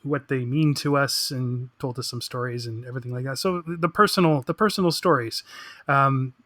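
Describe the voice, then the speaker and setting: A man co-hosting a podcast, talking casually and hesitantly with many pauses. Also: medium pitch, fairly bright tone, no room sound. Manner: hesitant, full of ums and restarts. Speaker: podcast co-host. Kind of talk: casual chat.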